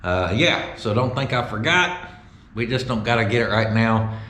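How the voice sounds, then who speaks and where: A man's voice: on the low side, expressive, normal speed, sharp tone. A man, chatting casually and jokingly in a vlog while working on an old car at a shop. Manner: joking, folksy, talks to his car. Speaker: car restoration vlogger.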